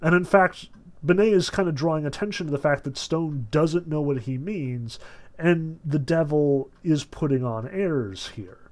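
A man's voice: a little high, measured pace, a little mellow. Conversational male literature lecturer. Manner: conversational, analytical, many fillers. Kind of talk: recorded lecture.

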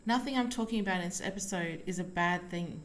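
A woman hosting a casual solo podcast, talking while lying down at home, relaxed and rambling with many fillers. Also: lowish voice, fast, a little hiss or hum. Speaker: podcast host and psychic medium.

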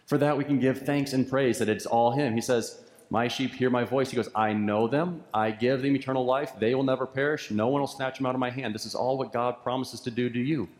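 A man delivers a sermon from the pulpit, his voice mid-pitched and earnest. He builds his points through repeated phrases. The church around him is roomy, and each line rings out with a long reverb tail. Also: steady tone, brisk, a little mellow. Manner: earnest, repetitive preaching cadence. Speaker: pastor. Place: church sanctuary.

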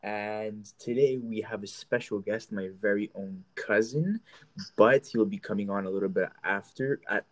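A man's voice: fairly low pitch, moderate pace. A young man hosting his own show, telling rambling, profane stories in a casual chat. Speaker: podcast host.

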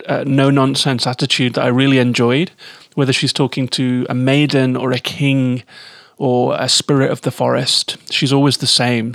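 A man's voice: medium pitch, a bit bright, no echo, clean studio sound. A man giving a chatty, enthusiastic spoken game review.

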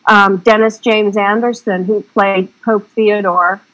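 A woman's voice: medium pitch, fairly even intonation, unhurried, fairly bright tone, low-quality recording. Woman director, casual interview, chatty and rambling with a frank, salty streak. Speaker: independent film director.

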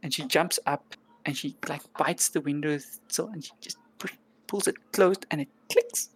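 A woman's voice: sits low, unhurried, husky. A woman narrating a tabletop role-play game as game master, describing the scene in a chatty, descriptive way with frequent fillers.

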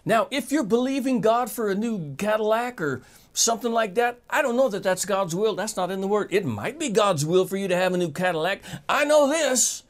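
A man's voice: high voice, lively intonation, fairly quick. Emphatic male preacher. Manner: emphatic, addresses listeners directly with rhetorical questions. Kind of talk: sermon.

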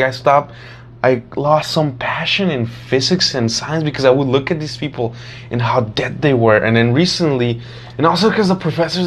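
A young man in casual chat, rambling and animated, swearing freely and acting out his friends' lines. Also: medium pitch, slight background noise. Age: young adult.

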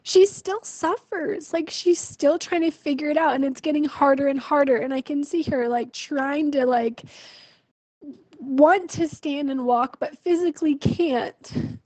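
A woman's voice: high-pitched, measured pace, darkish tone, dry recording, low-quality recording. A young woman venting her frustration in a personal video diary, emotional and full of fillers. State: pregnant. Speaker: vlogger.

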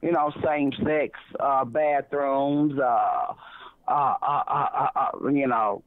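A woman's voice: very deep voice, fairly even intonation, takes it slowly, dry recording. A woman from Kansas City, Missouri, calling in to a radio show, rambling and stumbling over repeated words. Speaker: caller. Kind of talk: radio call-in chat. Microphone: phone. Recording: tinny phone line, dry.

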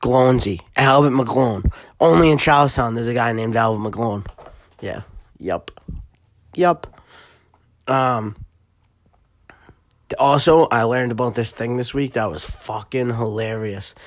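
A man's voice: medium pitch, slow pace, long pauses, dry recording. A young man with a Boston accent, hosting a solo podcast in a rambling, profane, filler-heavy way. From Massachusetts. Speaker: podcast host. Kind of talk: casual solo podcast chat.

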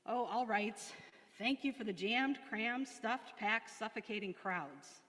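A woman's voice: on the high side, takes it slowly, a bit bright. Give me a woman reading as an anguished young woman prisoner crying out, with long reverb. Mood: exasperated. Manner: anguished, exclaiming.

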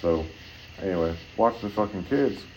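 A man's voice: normal speed, darkish tone, slight background noise, low-quality recording. A man telling a long, rambling story in casual, profane chat. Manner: rambling, heavy swearing, acts out voices in high pitch.

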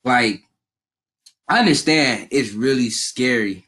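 A young adult co-host telling a long high school story in casual slang, acting out what people said. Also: a little fast. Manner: animated storyteller, heavy slang, acts out quotes.

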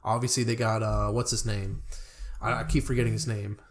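A man's voice: on the low side, level tone, brisk. A young man co-hosting a casual sports podcast, rambling loosely and joking with friends. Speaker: podcast co-host.

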